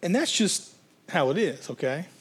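A young male pastor delivers a sermon in a relaxed, rambling way, full of ums and restarts. His voice sits slightly higher than most men's. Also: moderate pace, breathy edge. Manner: conversational, rambling with fillers and restarts.

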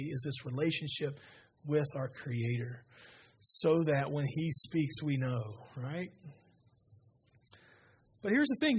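A man preaching a sermon as pastor, retelling scripture with lively conversational asides to a church audience. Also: on the high side, a little hiss or hum. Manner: animated storytelling, conversational asides. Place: church sanctuary.

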